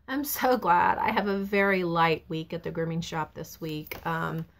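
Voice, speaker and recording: A woman's voice: fairly low pitch, fairly bright tone. A middle-aged woman vlogging casually, telling a personal story in a chatty way. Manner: chatty storytelling, acts out quoted voices. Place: truck stop, outdoors.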